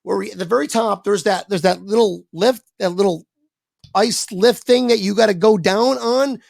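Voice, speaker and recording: Close, dry audio without any room echo captures a podcast guest telling a casual story. His voice sits high and sounds gravelly and creaky, moving at a moderate pace. He's animated, swears freely, and acts out quoted voices along the way.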